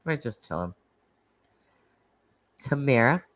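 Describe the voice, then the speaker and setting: A woman's voice: a bass voice, expressive, slow pace. A woman with a Northeastern American accent, hosting a casual live-stream chat and reading out viewers' comments, talking in a chatty, rambling way full of "like" and laughter. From Northeastern United States.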